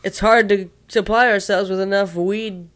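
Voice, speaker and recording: A man's voice: high-pitched, steady tone, normal speed, a bit bright. Male podcast co-host, dry sarcastic ribbing, heavy swearing, stoned, laid-back. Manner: teasing, dry, profane banter. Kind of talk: casual chat.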